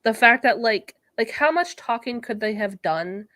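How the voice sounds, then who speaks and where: A woman's voice: on the high side, expressive, normal speed, pushed and bright, no room sound. Woman, podcast co-host, casual recap chat, swears freely, dry close sound.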